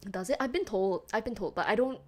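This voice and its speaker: A woman's voice: medium pitch, quick pace, darkish tone. A young woman from Singapore with a slight British-sounding accent, chatting casually with her stream viewers, giggling often and reading chat aloud.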